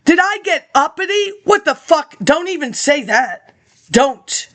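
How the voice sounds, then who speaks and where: A woman's voice: high-pitched, very animated, measured pace, a bit bright. A woman rambling through a monologue, reading old papers aloud and jumping between topics with sarcastic asides.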